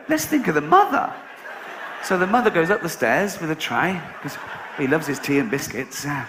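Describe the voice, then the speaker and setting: Middle-aged comic doing stand-up, sardonic and sweary, lively pitch, echoey theatre with crowd laughing. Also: male voice, moderate pace, noisy background. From England. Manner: sardonic, swearing, acts out characters. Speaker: stand-up comedian. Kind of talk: stand-up comedy routine. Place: large theatre with a live audience.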